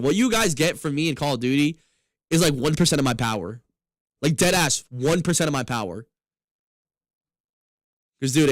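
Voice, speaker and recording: A man's voice: on the high side, dry recording. A young man live streaming, chatting loosely and profanely with viewers between laughs. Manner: loose, profane, fast-shifting banter with laughs. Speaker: gaming streamer.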